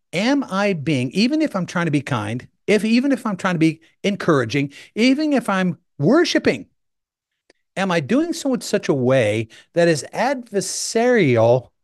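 A man's voice: medium pitch, no echo, clean studio sound. Enthusiastic, chatty male pastor. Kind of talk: conversational sermon.

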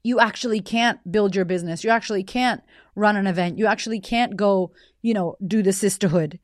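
A woman's voice: mid-range voice, a little fast, dry recording. Woman host, 30s, raw and emotional storyteller who swears a lot, dry close sound. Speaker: podcast host. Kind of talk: personal storytelling monologue.

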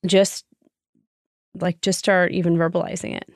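A young woman co-hosts a relaxed faith-based podcast, talking in a chatty, rambling way full of restarts. Her voice sits low with a gravelly fry, recorded close and dry. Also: measured pace, no room sound. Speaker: podcast co-host. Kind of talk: casual faith-based chat.

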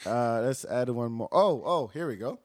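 A man hosting a podcast, prodding his guest with quick questions and joking asides in casual chat. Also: medium pitch, lively intonation, a little mellow, no room sound, studio quality. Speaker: podcast host.

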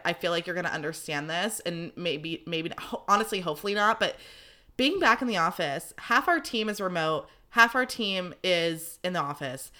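A woman's voice: lowish voice, sharp tone. A young woman hosting her podcast alone, chatty and rambling, swearing freely. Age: young adult. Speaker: podcast host. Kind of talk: casual solo chat.

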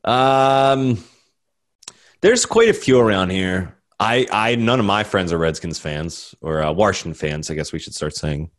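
A man's voice: low voice, big pitch swings, a little slow. A young man with a Baltimore accent, co-hosting a podcast in a blunt, laid-back way and saying "like" a lot. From Baltimore, Maryland. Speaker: podcast co-host. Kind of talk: casual chat.

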